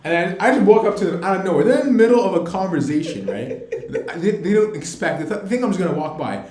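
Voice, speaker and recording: A man's voice: high voice, sing-song, fast talker, darkish tone, slight background noise. A young man chatting as a podcast co-host, telling a story with laughs and swearing. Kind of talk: casual chat. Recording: roomy echo.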